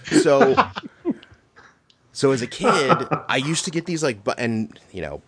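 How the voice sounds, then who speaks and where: A middle-aged man co-hosting a podcast, spinning profane stories with a lot of laughter. His pitch swings widely as he gets worked up, and he sits at an ordinary middle pitch for a man. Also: slow pace, over a noisy crowd. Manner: animated, profane, laughing storyteller. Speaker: podcast co-host. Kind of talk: casual storytelling chat.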